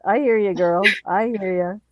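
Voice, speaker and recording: A woman's voice: medium pitch, a little slow, dry recording. A woman hosting a casual livestream chat on a video call, encouraging and affectionate toward her guests. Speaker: host. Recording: dull dry lo-fi audio.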